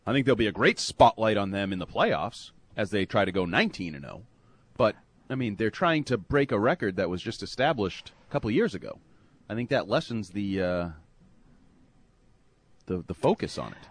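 A man's voice: fairly low pitch, normal speed, breathy edge, no echo. A man co-hosting a sports talk show, giving opinions in casual banter. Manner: opinionated, animated, joking banter. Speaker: sports radio co-host.

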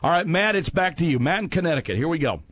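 A man hosting a fill-in-the-blank game on a sports talk show, playful and reading the prompts out slowly. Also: fairly high pitch, lively intonation, fairly bright tone, a little hiss or hum. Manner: playful, reads prompts slowly and judges answers. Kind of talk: casual radio sports chat.

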